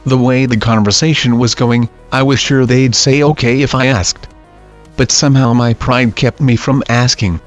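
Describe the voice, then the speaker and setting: A man reading scary stories aloud in a steady, even narration. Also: mid-range voice, moderate pace. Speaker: story narrator. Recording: dull lo-fi audio with faint music.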